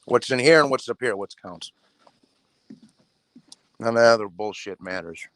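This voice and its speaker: A man's voice: medium pitch, moderate pace, a bit bright, no room sound. A man hosting a boxing talk show, rambling casually and swearing, calling his viewers "bro". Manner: profane, streetwise, talks to viewers as "bro".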